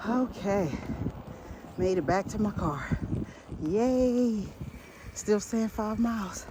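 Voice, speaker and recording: A woman vlogging from a bike on an outdoor trail, out of breath, laughing at herself between breathy exclamations. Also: mid-range voice, lively intonation, slow. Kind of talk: casual chat while biking. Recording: noisy outdoor recording.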